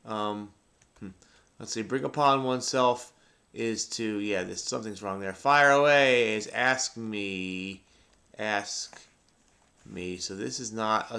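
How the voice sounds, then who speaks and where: A man's voice: fairly low pitch, pushed and bright. A middle-aged man hosting a crossword video, thinking aloud as he solves and rambling in a frenetic, self-mocking way.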